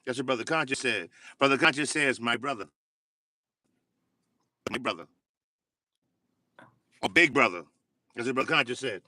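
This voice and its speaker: A man hosting a casual livestream, talking in halting starts with many fillers and repeated words. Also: medium pitch, animated, pushed and bright, dry recording, clean studio sound. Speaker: livestream host.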